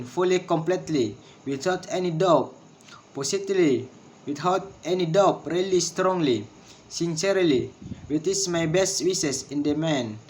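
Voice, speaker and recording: Male presenter, slightly high voice, reads lesson notes at a very slow, careful pace. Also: slight background noise. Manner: slow, careful reading with word drills. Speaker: English pronunciation presenter. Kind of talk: reading lesson notes aloud.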